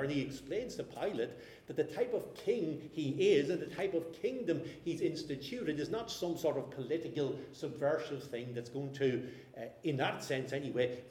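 A man preaching an expository sermon in a measured, explanatory way, often restarting his phrases. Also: mid-range voice, mellow. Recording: roomy echo.

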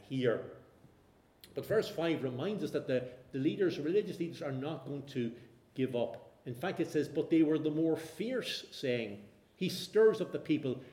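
A man preaching an expository sermon in a measured, explanatory way, often restarting his phrases. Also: medium pitch, mellow. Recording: roomy echo.

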